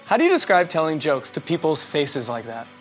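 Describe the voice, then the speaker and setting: A woman interviewing from off camera, firing playful questions at a quick clip. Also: deep voice, big pitch swings, faint music behind. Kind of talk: upbeat rapid-fire questioning.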